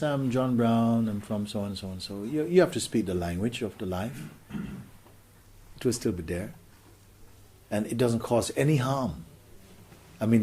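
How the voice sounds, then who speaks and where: A man giving a contemplative spiritual talk as a teacher, gentle and questioning, often sinking into a whisper. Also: fairly low pitch, slightly rough.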